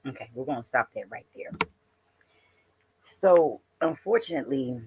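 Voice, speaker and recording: A woman's voice: sits low, lively intonation, normal speed, darkish tone, a little hiss or hum. Chatty woman hosting a reaction video. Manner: chatty, addresses viewers as y'all and honey. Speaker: host reacting to a clip. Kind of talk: casual commentary.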